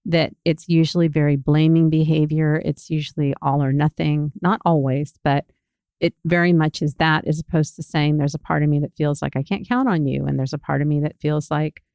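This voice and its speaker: A woman's voice: deep voice, steady tone, brisk, creaky, darkish tone, smooth, no echo, clean studio sound. A woman co-hosting a casual podcast conversation, speaking earnestly and reflectively about her feelings. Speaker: podcast co-host.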